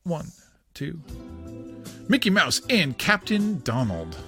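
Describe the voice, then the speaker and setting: Giggly, lively male podcast host. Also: a little high, slow, soft background music. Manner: giggly, excitable narration of on-screen action. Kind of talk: casual play-by-play commentary on a cartoon.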